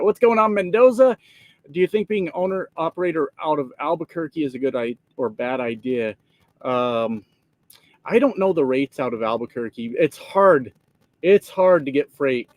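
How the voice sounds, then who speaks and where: Broadcasting live from his truck, a man with a highish voice and no echo shoots the breeze with viewers and reads their comments. He curses freely, rambles and laughs a lot.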